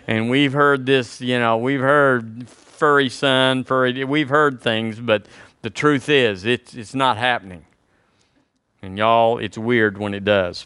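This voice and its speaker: A man's voice: mid-range voice, fairly bright tone, clean tone, no room sound. An older man, preaching a sermon to his congregation in a folksy, conversational way. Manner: folksy, conversational preaching with y'all and homespun examples. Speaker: pastor.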